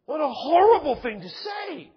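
A man preaching a sermon as pastor, animated, swinging between quiet asides and loud shouted points, quoting scripture and acting out stories. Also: extremely high pitch, normal speed, long reverb tail, lo-fi sound.

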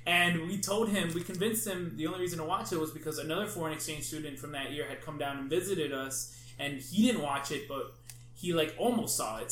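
Male podcast host, animated storyteller, slightly high pitch, roomy echo. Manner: animated, swears, acts out friends' reactions. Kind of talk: casual chat, storytelling. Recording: echoey room, faint background hum.

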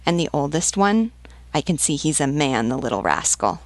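A woman reading the part of a sturdy army canteen-keeper who speaks briskly yet gently. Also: low-pitched, sing-song, no room sound. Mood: kindly. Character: sturdy female army canteen-keeper, soldierly but kind.

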